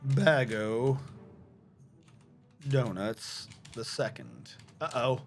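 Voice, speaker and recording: A man's voice: medium pitch, fairly bright tone. Profane man streaming a game. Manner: casual, profane, talks to chat. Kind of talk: live gameplay commentary.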